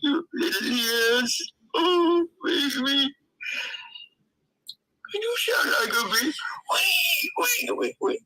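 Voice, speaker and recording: A woman's voice: high-pitched, very animated, drawn-out words, long pauses, sharp tone, no echo, shouting, full character voice, low-quality recording. A woman in a film clip playing an unhinged captor who sobs and shrieks taunts at her victim. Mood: sobbing frantic.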